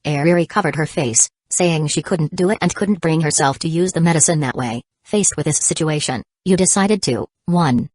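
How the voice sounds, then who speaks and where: A woman narrates an audiobook in a low voice. Her reading is even and measured. The recording is dry and close, with no room sound. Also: no echo. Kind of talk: scripted narration.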